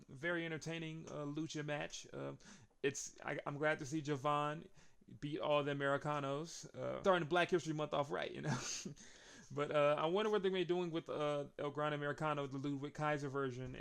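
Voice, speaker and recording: Young man, casual wrestling recap, gravelly fry, slightly high voice, frequent chuckles. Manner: chuckles often, recounts action with rising excitement.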